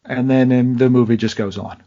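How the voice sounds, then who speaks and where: Male podcast co-host, halting mild critic, medium voice, slightly muffled recording. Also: medium pitch, fairly even intonation, mellow. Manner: hesitant, searching for words, mildly critical. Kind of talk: casual movie review chat.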